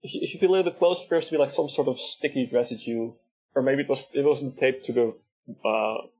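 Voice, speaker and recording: A man narrating as the game master of a tabletop game, describing scenes in a halting way with many fillers. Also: medium pitch, a little mellow, slightly rough. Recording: dull lo-fi sound with faint music.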